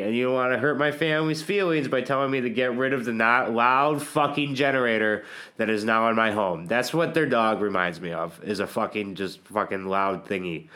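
A man's voice: mid-range voice, sharp tone. A man in a casual, rambling monologue, cursing often and sardonic, trailing off mid-thought.

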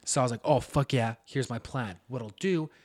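A young man co-hosting a podcast, telling a story in relaxed casual chat and swearing now and then. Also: medium pitch, fairly quick. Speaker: podcast co-host.

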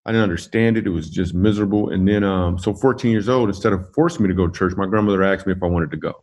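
A man, a comedian, telling funny personal stories in an interview, animated and laughing through his jokes. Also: sits low, rapid-fire. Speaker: comedian guest. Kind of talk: casual interview storytelling.

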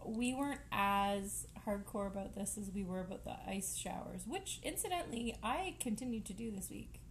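A woman chats casually on a home podcast, laughing often and trailing off into fillers as she talks. Her voice sits at a middling pitch, with a faint hiss of background noise behind it. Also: lively intonation, normal speed, creaky. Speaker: podcast co-host. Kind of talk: casual chat.

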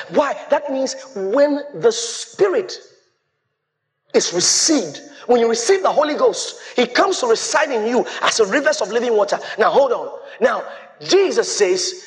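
A man preaching a sermon as pastor, quoting scripture and breaking into shouts. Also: extremely high pitch, very animated, a little slow.

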